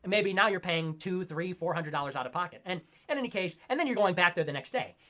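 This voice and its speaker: Fast, bright-voiced young man ranting. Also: high-pitched. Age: 20s. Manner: animated, ranting, mocking voices. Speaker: co-host. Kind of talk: casual late-night stream chat.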